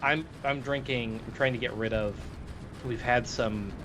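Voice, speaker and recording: A man's voice: mid-range voice, fairly even intonation, a little slow. Chatty man over game music. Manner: rambling, chatty storytelling with many fillers. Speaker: podcast co-host. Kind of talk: casual chat.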